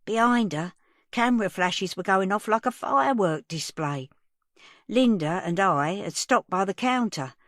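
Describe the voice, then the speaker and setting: A woman's voice: medium pitch, animated, measured pace, fairly bright tone, no room sound, studio quality. A woman reading a first-person audiobook, narrating as the story's teller. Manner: plain storytelling.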